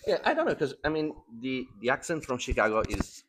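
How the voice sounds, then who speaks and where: A man from Italy with an Italian accent, hosting an interview in English and pausing often to search for words. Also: medium pitch, sing-song, a bit bright. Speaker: podcast host. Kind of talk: casual interview chat in English.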